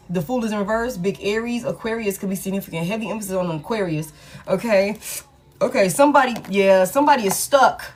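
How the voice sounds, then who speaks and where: A woman doing a casual tarot reading. She talks bluntly, swears freely and repeats her lines. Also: medium pitch. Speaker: tarot reader.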